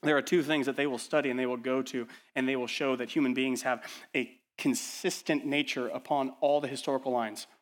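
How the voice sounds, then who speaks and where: A man pastor preaching a sermon in a church, urgent and full of rhetorical questions, dropping to hushed lines and rising to loud ones. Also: medium pitch, fairly even intonation, fairly quick, hardly any pauses.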